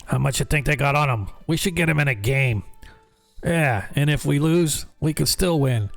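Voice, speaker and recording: A man voicing rowdy, menacing male orc and goblin tavern patrons, jeering in a gruff way. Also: a little high, normal speed, faint music behind.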